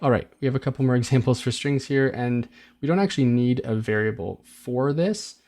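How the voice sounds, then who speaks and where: A man teaching a coding lesson in a relaxed, chatty way, thinking aloud, restarting phrases and filling pauses with ums. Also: mid-range voice. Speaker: coding tutor. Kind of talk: casual screen-recorded coding tutorial.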